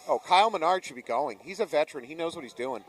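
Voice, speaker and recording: A man calls paintball action as it happens, reacting quickly and teasing his co-host between plays. He sits back from the microphone, so his voice comes across slightly distant. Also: a little high, animated, slight background noise. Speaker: play-by-play commentator. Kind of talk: live paintball commentary.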